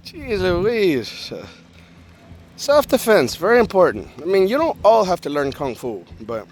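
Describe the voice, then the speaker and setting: Guy vlogging a wild story, high voice, super bouncy swoopy pitch, jokey, does voices for everyone. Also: a little slow, a little hiss or hum. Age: adult with a young daughter. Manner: animated and joking, acts out the people in his story. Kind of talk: casual storytelling to camera.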